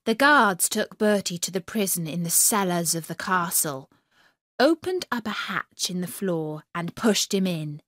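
A woman narrating a children's story for English learners in a clear, expressive way. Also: on the low side, a little slow, no room sound, studio quality.

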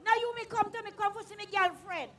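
A sly village woman , played by a woman, leans in with a very high voice and a Tobagonian Creole accent. She talks in a conspiratorial way, dropping her voice to a hush as she passes on a love charm in a folk stage play. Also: fast. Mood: teasing. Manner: conspiratorial, drops to hushed tones.

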